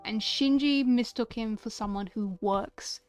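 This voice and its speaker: Slow, stammering young woman streamer. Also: on the high side, a little mellow, smooth. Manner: gushing, stammering with many repeated words. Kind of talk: casual chat about a favorite anime.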